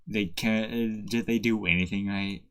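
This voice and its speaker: A young man co-hosting a casual chat, reacting to his friend with swearing and loud laughs. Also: lowish voice, fairly even intonation, normal speed. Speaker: co-host.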